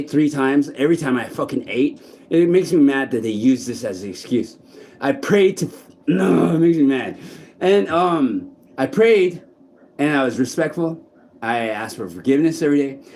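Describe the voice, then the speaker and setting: A man vlogging outdoors in a park, speaking in a blunt, halting monologue full of restarts and swearing. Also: medium pitch, darkish tone. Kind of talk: candid personal monologue.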